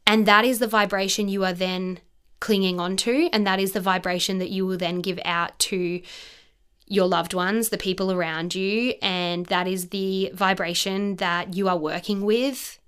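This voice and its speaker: A woman's voice: mid-range voice, fairly bright tone, clean tone. Chatty woman podcast host. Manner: chatty, earnest, acts out quoted self-talk. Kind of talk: casual motivational monologue.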